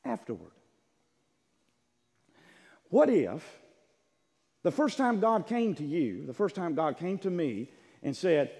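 A male pastor preaching a sermon in a church, swinging from loud impassioned calls to hushed pleading. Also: fairly high pitch, sing-song, moderate pace, pauses often, breathy edge. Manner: impassioned preaching, voices God's words, swings from shouting to hushed. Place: church sanctuary. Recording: long echo of a large hall.

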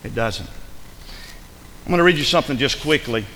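Animated preacher in echoing hall. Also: male voice, medium pitch, brisk, a little hiss or hum. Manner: animated preaching, acts out imagined voices. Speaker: pastor. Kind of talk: sermon.

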